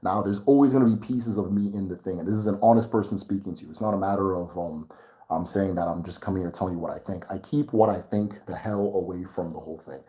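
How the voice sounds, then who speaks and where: A man's voice: sits low, quick pace, warm tone. A man hosting his own channel, talking casually and getting worked up, laughing often as he rants to viewers. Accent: Nigerian English. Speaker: channel host. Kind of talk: casual livestream chat.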